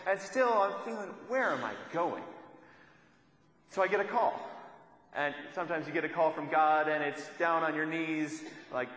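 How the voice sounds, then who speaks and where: A young adult male preacher tells a story conversationally during a sermon, repeating lines for emphasis. His voice is on the high side and fairly bright, at a moderate pace. The poor-quality recording sounds roomy, with a long reverb tail.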